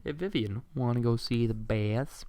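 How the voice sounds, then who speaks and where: A man playing a callous young father who talks in a deadpan, sarcastic way. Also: mid-range voice, moderate pace, dry recording, close to an everyday voice. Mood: coaxing.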